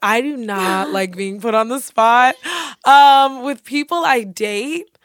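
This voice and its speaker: A young woman chatting casually, blunt and animated, swearing freely and acting out quotes. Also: fairly high pitch, slow pace, dry recording, clean studio sound. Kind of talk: casual chat.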